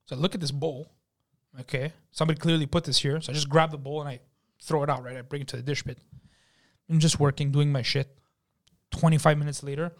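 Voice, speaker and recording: A young man hosting a casual chat, telling profane, animated stories about restaurant work. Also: on the high side. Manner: profane, animated storyteller, acts out shouted quotes. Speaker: podcast host.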